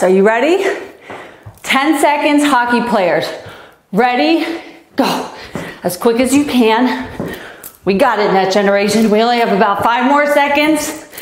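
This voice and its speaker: A woman's voice: a little high, echoey room. A woman coaching a youth tennis class in an upbeat, encouraging way, counting down and cheering the kids on as she exercises. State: out of breath. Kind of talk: energetic live-stream fitness coaching.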